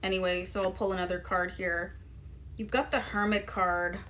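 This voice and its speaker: A woman's voice: lowish voice, flat delivery, moderate pace, a bit bright, slight background noise. A woman giving a casual tarot card reading to her viewers in a loose, chatty way with many fillers. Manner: chatty, loose, lots of "you know" and "um". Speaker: tarot reader.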